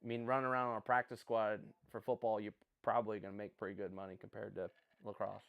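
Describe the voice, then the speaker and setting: A man's voice: lowish voice, flat delivery, quick pace, vocal fry, a bit bright, slight background noise. A man hosting a casual live stream, rambling, making jokey asides and answering viewers as he reacts to picks. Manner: rambling, jokey, self-deprecating, chats with viewers. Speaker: livestream host.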